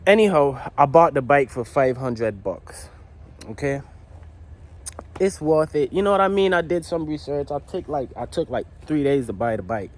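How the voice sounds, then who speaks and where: A man's voice: a little high, animated, normal speed. A man from the Virgin Islands telling a rambling, slangy story in a casual vlog while working in his garage. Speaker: motorcycle builder. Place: home garage.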